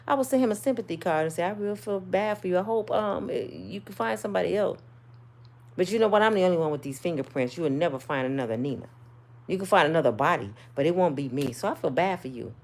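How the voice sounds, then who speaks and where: A middle-aged woman, telling viewers a personal story in a casual, sassy, animated way. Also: medium pitch, fast talker. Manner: animated, sassy, swings between loud and soft. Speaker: channel host.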